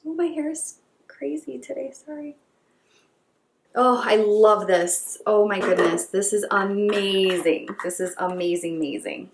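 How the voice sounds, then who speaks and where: A woman beauty vlogger doing an excited unboxing chat, gushing and gasping as she repeats her delight. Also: mid-range voice, unhurried, reverberant, a little hiss or hum.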